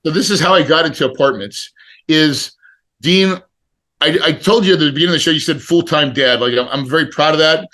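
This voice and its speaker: A middle-aged man on a podcast, telling a personal story in a casual, animated way and acting out the people he quotes. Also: a little high, a little fast. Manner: animated, acts out quoted dialogue. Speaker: podcast guest.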